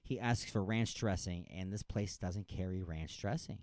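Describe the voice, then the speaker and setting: A man's voice: low-pitched, normal speed, a little mellow, no room sound, studio quality. A man hosting a talk radio show, ranting sarcastically and comedically, often repeating that he is just saying.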